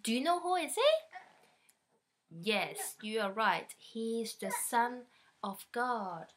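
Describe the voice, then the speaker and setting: Slow, lively woman reading a storybook. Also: a little high, slight background noise. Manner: slow, animated and playful, talking to a small child. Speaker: storybook reader. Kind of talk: reading a children's picture book aloud. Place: at home.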